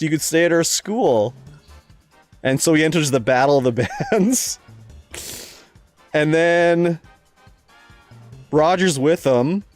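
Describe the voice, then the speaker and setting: A man's voice: on the high side, a little mellow, no echo. A man streaming a game in casual chat, rambling through stories, laughing often and reading game lines aloud.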